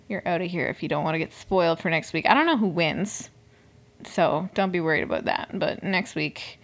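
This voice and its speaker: A young woman talks through a casual recap podcast with a lively, swooping voice. She is chatty and expressive, swears freely, and drops into hushed asides and mock outrage. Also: mid-range voice. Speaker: podcast host. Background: air conditioner noise.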